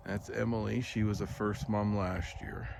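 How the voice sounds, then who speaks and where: Male rancher, very low voice, casual vlog patter, outdoor noise and livestock behind. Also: flat delivery, moderate pace, creaky. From Alberta, Canada. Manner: chatty, talks fondly to his cows. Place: outdoors in a snowy calving yard.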